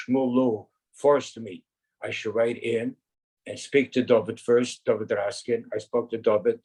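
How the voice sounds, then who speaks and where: A man's voice: mid-range voice, husky, poor audio. A man in his eighties from Canada, earnestly reminiscing in an interview with rambling anecdotes. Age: 80s.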